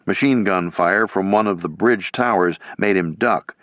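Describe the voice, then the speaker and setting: A man reading a military history audiobook in steady, measured scripted narration. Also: sits low, no echo. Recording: dull lo-fi.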